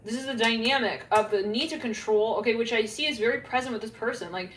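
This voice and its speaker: A woman giving a casual, rambling psychic tarot reading, full of fillers and quick asides, sometimes laughing at herself. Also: a little high, a bit bright. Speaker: tarot reader. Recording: echoey room, faint background hum.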